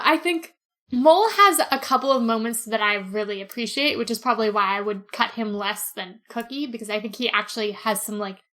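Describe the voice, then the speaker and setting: A chatty woman co-hosts a podcast, rambling casually with plenty of fillers and easy laughter. Her voice sits a little high. She talks in an unhurried, conversational way. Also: a bit bright. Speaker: podcast co-host. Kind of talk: casual chat.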